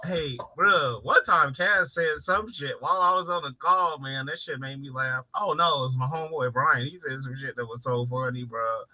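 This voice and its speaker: A man hosts a late-night livestream in loose, profane chat, bragging through stories about his old call-center job. His voice sounds very bright. The recording is dry and a little dull. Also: medium pitch, normal speed, few pauses, dry recording. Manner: profane, boastful storytelling with laughs. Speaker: livestream host. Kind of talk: casual bar-style chat.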